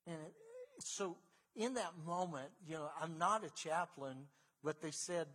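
Husky-voiced man preaching a sermon. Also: high voice, normal speed, fairly bright tone. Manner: conversational, storytelling, rising to emphatic bursts. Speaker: pastor.

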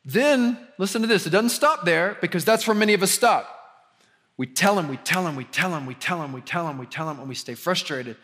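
A young man from the preaching a conversational sermon as pastor, rising in pitch and volume when he drives a point home. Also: lively intonation, fairly quick, a bit bright. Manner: conversational preaching with sudden emphatic rises.

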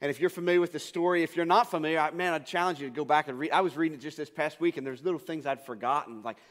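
A man preaching a sermon as pastor, telling stories in a relaxed, casual way and often restarting his sentences. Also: a little high, racing, in a large hall. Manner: casual storytelling with frequent restarts.

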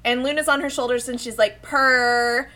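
A woman's voice: fairly high pitch, fairly even intonation, moderate pace, pushed and bright. A woman chatting casually about an anime episode, animatedly retelling scenes and acting out the characters' lines.

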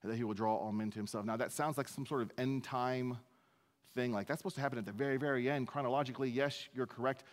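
A man's voice: medium pitch, fairly even intonation, quick pace, long reverb tail. A male pastor preaching a sermon in a conversational, self-deprecating way. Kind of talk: sermon, verse-by-verse teaching.

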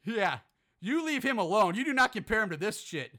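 A man's voice: sits high, very animated, brisk, pushed and bright. A man hosting a casual podcast, reading out movie reviews with sarcastic, profane, mock-outraged commentary.

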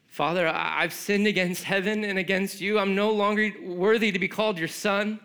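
A man's voice: sits high, steady tone, moderate pace, a bit bright, clear, resonant tone, pitched above the performer's own voice. A man doing a repentant young son. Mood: contrite. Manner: humble, pleading. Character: repentant young son confessing to his father.

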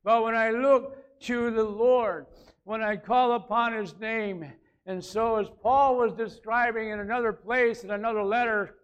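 A man's voice: high voice, fairly even intonation, unhurried, fairly bright tone, clear, resonant tone, dull audio. A man preaching a conversational sermon, repeating phrases and rising to emphatic peaks. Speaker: pastor.

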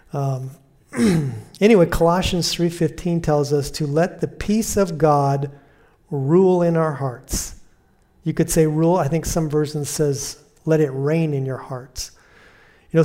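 A man preaching a conversational sermon, repeating key phrases and slowing down to quote Scripture softly. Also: a little high. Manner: slows and softens when quoting Scripture.

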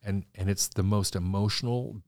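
A man, a designer guest in an interview, telling stories in an animated way and acting out the voices of people he quotes. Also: lowish voice, normal speed, no echo, studio quality. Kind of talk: conversational interview storytelling.

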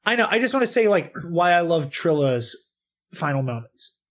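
A man co-hosting a casual podcast, telling game stories with lots of fillers and excitable energy. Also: fairly high pitch, moderate pace. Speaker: podcast co-host. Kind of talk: casual podcast chat about video games.

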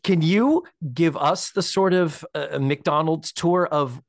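Podcast host, adult man, eager and halting, dry voice. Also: on the high side, vocal fry, no echo. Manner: enthusiastic, hesitant with fillers and restarts. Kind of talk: casual chat.

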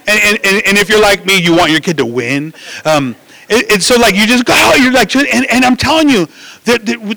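A man preaching a sermon in an animated way, with frequent restarts and asides to the listeners. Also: sits high, gravelly, no echo, poor audio. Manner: animated preaching, acts out voices, many restarts and "right?".

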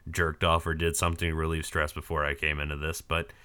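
Podcast host, male, hoarse and sick; low, bright, smooth voice with a crude, rambling humor. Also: flat delivery, quick pace. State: hoarse from a cold. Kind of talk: casual chat.

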